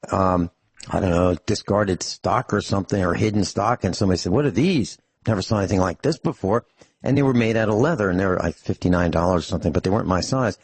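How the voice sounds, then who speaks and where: A middle-aged man chats on a talk radio show, his voice slightly husky and close to a dry studio mic. He rambles through stories with many restarts and slips in dry jokes. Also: fairly low pitch, no echo. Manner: rambling storyteller, frequent restarts, dry humor. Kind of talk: casual radio chat.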